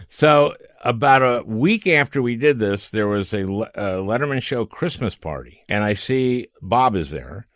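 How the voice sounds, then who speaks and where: A man's voice: mid-range voice, lively intonation, a little slow, a bit bright, no room sound, clean studio sound. An older man hosting a podcast, chatting casually and telling stories with frequent laughs. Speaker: podcast host. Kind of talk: casual interview chat.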